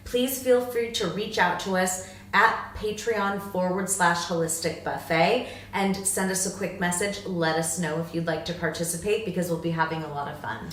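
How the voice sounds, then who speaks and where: Female co-host in her thirties, enthusiastic and chatty, lower pitch; echoey room recording. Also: steady tone, moderate pace, fairly bright tone, slight background noise. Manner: friendly, enthusiastic, with fillers. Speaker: podcast co-host. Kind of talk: casual chat.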